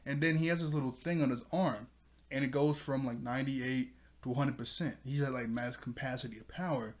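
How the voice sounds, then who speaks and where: Male host, casual recap delivery, chatty and giggly, mid pitch. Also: steady tone, brisk. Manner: chatty, laughs often, loose filler words. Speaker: show reviewer and channel host.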